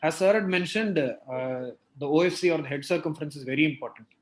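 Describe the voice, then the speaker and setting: Man teaching, fairly high voice. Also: fast talker. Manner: questioning, explains step by step with frequent "right?" and "you know". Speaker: pediatrics teacher leading a case discussion. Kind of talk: clinical teaching discussion.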